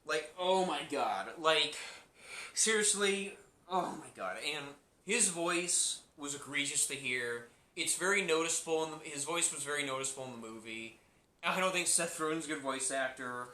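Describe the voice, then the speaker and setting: A man's voice: on the high side, expressive, moderate pace, sharp tone, echoey room. A man giving a casual spoken movie review, rambling and repeating himself with many restarts.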